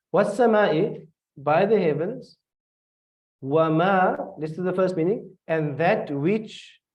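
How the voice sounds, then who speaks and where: This is a classroom tafsir lesson, recorded from a distance in dull lo-fi sound. The teacher is a man with a South African accent and a high, warm voice who quizzes his students and repeats phrases as he explains things.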